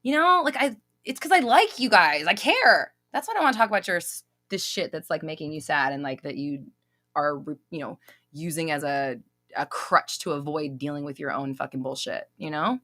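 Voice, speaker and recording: A woman's voice: deep voice, lively intonation, normal speed, bright, forceful tone, dry recording. A young woman hosting a live Q&A stream, casually reading out viewer comments, blunt and swearing freely, laughing often as she scolds.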